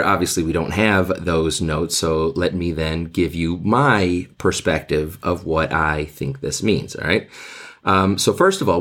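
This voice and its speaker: A man teaching high school English in a podcast lesson. He talks in a conversational way with many filler words.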